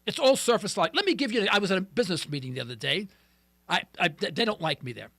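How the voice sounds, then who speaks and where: Male talk radio host, high and lively, bright dry studio sound, jokey ranting delivery. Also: fast talker, gravelly, no room sound. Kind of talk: call-in radio monologue.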